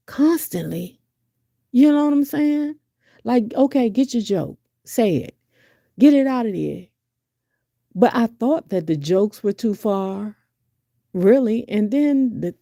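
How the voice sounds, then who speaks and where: Here a middle-aged woman runs casual live-stream commentary, going through chat messages and giving candid, foul-mouthed opinions laced with rhetorical questions. Her tone is warm with vocal fry, her pitch spiking on exclamations, and the recording is dry and clean, like a studio.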